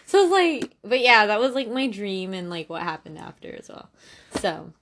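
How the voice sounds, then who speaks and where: A woman's voice: medium pitch, lively intonation, normal speed, vocal fry, pushed and bright. A young woman hosting a casual podcast, telling a story in a rambling, giggly way, full of "like", recorded on a phone. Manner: rambling, giggly, heavy use of "like". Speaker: podcast host. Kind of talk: casual chat.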